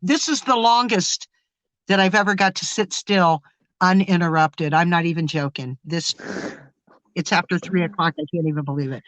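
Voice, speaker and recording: A woman's voice: lowish voice, normal speed, a bit bright, no room sound, rough recording. A woman on a video call, talking in an emotional, effusive, rambling way. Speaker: guest. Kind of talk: casual chat.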